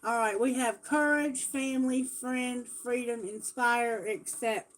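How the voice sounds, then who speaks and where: Slow-talking woman doing a tarot livestream. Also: fairly high pitch, fairly even intonation, low-quality recording. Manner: chatty, self-correcting, reads lyrics and prayers aloud. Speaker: tarot reader. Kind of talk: live-streamed tarot reading. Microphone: phone.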